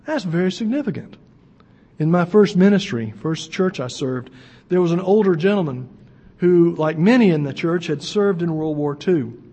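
A man's voice: on the high side, lively intonation, normal speed, warm tone, in a large hall, highs cut off. A man preaching as a pastor, reading scripture aloud and explaining it in an earnest, emphatic way with folksy asides.

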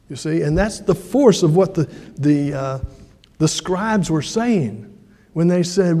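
High-voiced pastor preaching in a reverberant hall. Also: male voice, slow. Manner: acts out quoted voices with lively pitch jumps. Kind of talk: sermon.

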